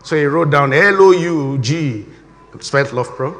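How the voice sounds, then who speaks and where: A middle-aged man preaching an animated sermon, repeating his key phrases. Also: a little high, moderate pace. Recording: reverberant hall.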